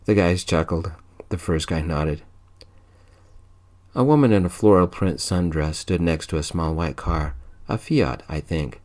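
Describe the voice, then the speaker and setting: A man narrating a first-person story in a soft, slow, intimate ASMR manner. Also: low voice.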